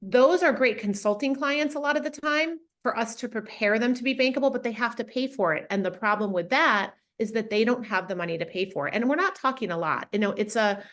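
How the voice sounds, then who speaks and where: A woman's voice: fairly high pitch, brisk, few pauses, fairly bright tone. A woman guest in an interview, speaking bluntly and frankly, with many fillers and restarts. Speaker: interview guest, funding consultant. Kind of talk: casual interview talk.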